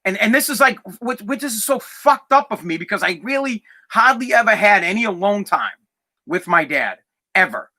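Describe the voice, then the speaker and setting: A man's voice: sits high, big pitch swings, moderate pace, sharp tone. A man in his thirties, a podcast host, telling a personal story in a candid, rambling way with a lot of swearing, close to tears.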